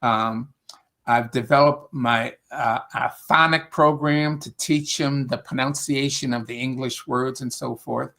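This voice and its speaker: A man's voice: mid-range voice, fairly even intonation, unhurried, vocal fry, pushed and bright. A man with an upstate New York accent talking casually on a video call, rambling with fillers and restarts as he describes teaching English. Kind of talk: casual conversation.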